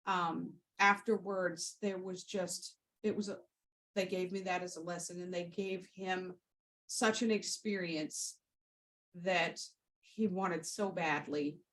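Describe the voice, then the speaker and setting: A woman's voice: lowish voice, fairly even intonation, takes it slowly, fairly bright tone, rough recording. A woman Reiki practitioner hosting a podcast, telling a session story and answering questions in a rambling, heartfelt way, with many fillers and restarts. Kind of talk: casual storytelling and Q&A.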